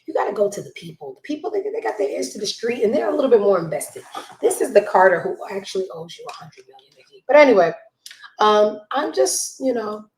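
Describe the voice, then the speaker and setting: A woman hosting a gossip show from home on a desk mic, blunt and judgmental, swinging between loud outbursts and hushed asides. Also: medium pitch, very animated, quick pace, reverberant, rough recording. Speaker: show host. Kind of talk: casual gossip commentary. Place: home room with a child nearby.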